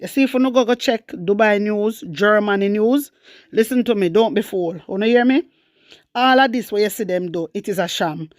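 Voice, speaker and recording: A woman with a Jamaican accent giving scornful, animated political commentary, mixing patois with English. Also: mid-range voice, moderate pace, dry recording, studio quality. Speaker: commentary vlogger.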